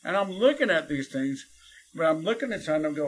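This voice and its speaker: Animated New man telling a story. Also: fairly high pitch, brisk, slight background noise, low-quality recording. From New York City. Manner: animated and chatty, many fillers and laughs. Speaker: interview guest. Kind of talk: storytelling in a conversation.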